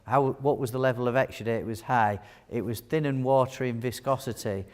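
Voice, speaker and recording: A man teaching wound care to a live audience, chatty and full of jokes as he fires questions at the room. His voice sits at a middling pitch. It rings with the long reverb of a large hall. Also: fairly even intonation, fairly quick, darkish tone. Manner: chatty, jokey, quizzes the audience. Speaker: wound care nurse presenter. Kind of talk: live conference teaching talk.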